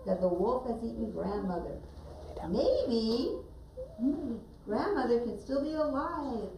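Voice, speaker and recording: A woman's voice: fairly high pitch, big pitch swings, takes it slowly, mellow. A woman teacher narrating a story while directing children acting it out in a classroom. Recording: echoey room from far off, with noise.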